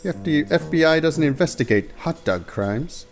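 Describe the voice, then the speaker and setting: A man voicing a slick, smug male federal agent who talks slowly and dismissively. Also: a little high, animated, faint music behind, voice pushed up, lightly acted.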